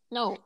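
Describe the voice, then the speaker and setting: A woman's voice: a little high, darkish tone. A middle-aged woman from Wisconsin with a Wisconsin accent, joking around in casual podcast chat. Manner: joking, laughs a lot. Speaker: podcast co-host.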